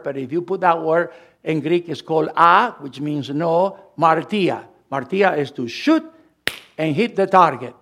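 Male pastor from Latin America, Latin American Spanish accent, high voice, emphatic slow-downs while preaching a sermon. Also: fairly bright tone. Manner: preaching with emphatic, slowed phrases.

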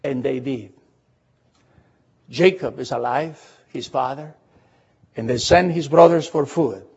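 A man preaching a sermon and retelling a Bible story in a lively storytelling way, often asking the congregation questions. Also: medium pitch, slow pace, husky, muffled recording.

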